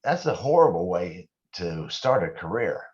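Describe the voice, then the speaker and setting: A man's voice: low voice, big pitch swings, unhurried, darkish tone, highs cut off. A man speaking as a guest in a casual interview, candid and rambling, often poking fun at himself. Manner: candid, rambling, self-deprecating. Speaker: guest business owner.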